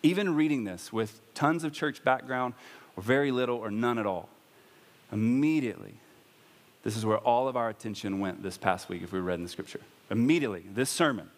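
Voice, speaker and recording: A male pastor delivers a sermon in a loose, conversational way, and he now and then lifts his voice hard to drive a point home. His voice sits in a middle register. The long reverb of a church hall hangs around every word. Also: mid-range voice. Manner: conversational preaching with bursts of raised emphasis.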